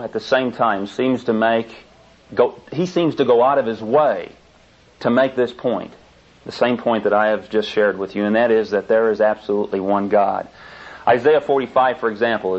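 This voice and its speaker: A man preaching a sermon and reading scripture aloud, pressing his points with insistent emphasis and repetition. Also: on the low side. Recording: dull lo-fi tape recording.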